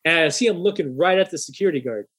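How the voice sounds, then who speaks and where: Animated, profane storytelling guy. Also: a little high, fast, slightly rough. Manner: animated, profane, acts out quoted voices. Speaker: podcast host. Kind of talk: casual storytelling chat.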